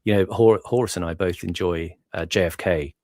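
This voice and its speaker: Deep-voiced man, thoughtful chat. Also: steady tone, normal speed, darkish tone, dry recording, studio quality. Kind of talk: casual chat.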